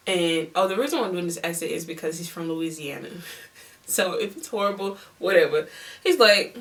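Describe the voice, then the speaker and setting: A woman telling a storytime vlog in an animated, chatty way, laughing often. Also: fairly low pitch, a little fast, far from the mic, slight background noise. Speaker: vlogger.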